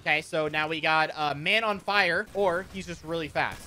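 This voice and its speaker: A man giving casual gameplay commentary, excitable, often swearing and laughing at surprises. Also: fairly high pitch, normal speed, soft background music. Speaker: gaming YouTuber.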